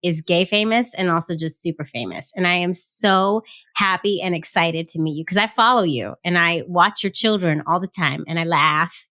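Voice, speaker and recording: A woman's voice: lowish voice, moderate pace, bright, forceful tone. Playful, chatty woman podcast host. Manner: playful, self-mocking, chatty. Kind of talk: casual podcast chat.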